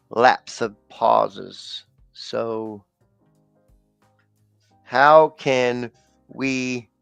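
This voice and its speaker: Guy chatting on a livestream, smooth clean voice, dry close sound, faint music behind, rambling. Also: medium pitch, a bit bright, no room sound. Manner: loose rambling with filler and slang. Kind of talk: casual livestream chat.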